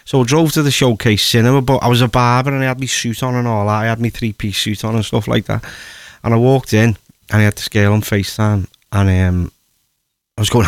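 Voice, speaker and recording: A middle-aged man, a radio host telling a rambling story, jumping into high voices for the people he quotes. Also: fairly even intonation, fast talker, no echo, clean studio sound. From North West England.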